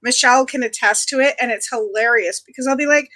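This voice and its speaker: A middle-aged woman from Ontario, Canada, hosts a livestream, casually chatting with her viewers and greeting them by nickname. Her voice is a little high and a bit bright, and she talks fast.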